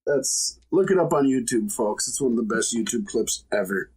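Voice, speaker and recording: A man's voice: medium pitch, expressive, moderate pace, a little mellow, husky. A man co-hosting a podcast, chatting casually with laid-back, profane banter. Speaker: podcast co-host. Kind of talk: casual chat.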